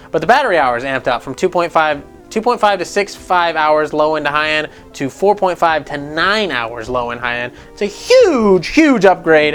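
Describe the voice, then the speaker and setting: A man's voice: a little high, a bit bright. Rambling, sarcastic gaming news guy. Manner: rambling, sarcastic, swears freely. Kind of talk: casual gaming news commentary.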